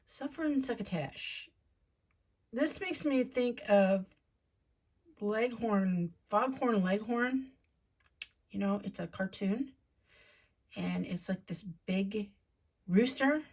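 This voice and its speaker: A woman's voice: medium pitch, a little mellow. A woman giving a casual tarot reading, chatting and thinking aloud as she goes. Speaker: tarot reader.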